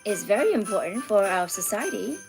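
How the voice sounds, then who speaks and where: A woman's voice: medium pitch, sing-song, fairly quick, vocal fry, over music. A woman hosting an art livestream, chatting casually with viewers and reading out their comments. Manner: chatty, reads out viewer comments, drifts into soft near-whispers.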